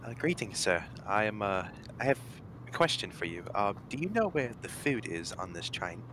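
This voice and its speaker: A man's voice: lowish voice, big pitch swings, normal speed, background noise. A man playing a tabletop game, speaking in character in a polite, proper manner. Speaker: player. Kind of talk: casual play at a tabletop game.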